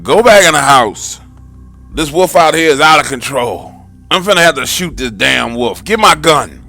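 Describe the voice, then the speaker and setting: A man voicing a drunk father who slurs his words and barks loud commands. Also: on the high side, animated, normal speed, vocal fry, soft background music, voice pushed up, exaggerated voice. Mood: alarmed. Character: drunk, slurring father shouting at a wolf.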